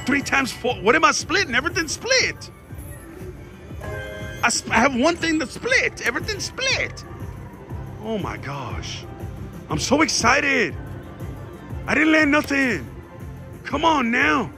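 Excitable high-voiced man at a slot machine. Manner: excitable, shouts and groans at every spin, talks to viewers. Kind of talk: excited live slot commentary. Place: casino floor.

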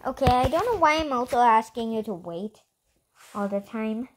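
A woman's voice: on the high side, moderate pace, noisy background. Bubbly young girl chattering over gameplay. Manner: excitable, chatty, giggly, self-conscious. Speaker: gaming channel host. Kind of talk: casual gameplay commentary.

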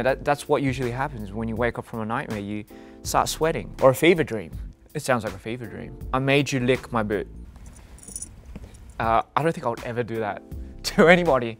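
Young man, mid-range voice, playful reader of fan posts, light laughter throughout. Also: medium pitch. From Australia. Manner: giggly, playful, self-deprecating. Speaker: singer reading fan tweets. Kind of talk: casual amused reading aloud.

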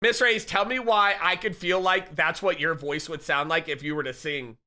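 A young man live-streaming, chatting casually and excitedly with his viewers and reading their messages aloud. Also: a little high, normal speed. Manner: hyped, laughing, reads chat aloud.

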